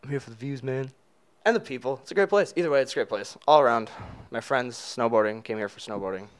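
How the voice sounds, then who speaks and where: A laid-back young man, co-hosting a podcast. He talks in an easygoing, enthusiastic way. His voice has an ordinary pitch. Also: fast, clean tone. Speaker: podcast co-host. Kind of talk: casual chat between roommates.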